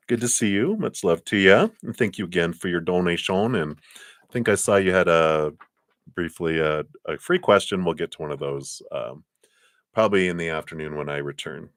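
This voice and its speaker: A man giving live tarot readings in a gentle, meandering way, with many fillers and soft laughs. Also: low-pitched, normal speed, no room sound, studio quality. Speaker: tarot card reader.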